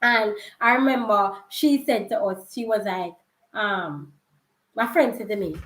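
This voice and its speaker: A woman's voice: mid-range voice, a little slow, fairly bright tone. Chatty Jamaican woman in an echoey room. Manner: chatty, laughing, slips into patois. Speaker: vlogger. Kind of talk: casual storytelling vlog. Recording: roomy echo.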